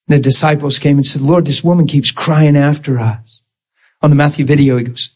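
A male preacher delivering a sermon in a slightly high voice. He is emotional and vivid, acting out scripture scenes as he goes and breaking into laughter now and then. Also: steady tone, moderate pace, a little mellow, husky.

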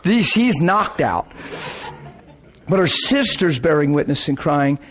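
A man preaching a sermon, telling a testimony story with excitement, laughing often and repeating phrases. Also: on the high side, takes it slowly.

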